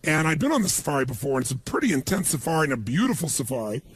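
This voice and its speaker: A man giving a motivational seminar talk, telling stories to an audience in an animated way and acting out the people he quotes. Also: on the high side, racing, breathy edge, dry recording. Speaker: motivational speaker.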